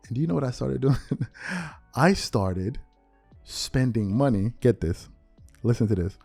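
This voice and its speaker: A man's voice: mid-range voice, lively intonation, unhurried, gravelly, long pauses, mellow, slightly rough, faint music behind. A man hosting a commentary show, giving emphatic, opinionated sports commentary in a slangy, conversational way and firing off repeated rhetorical questions.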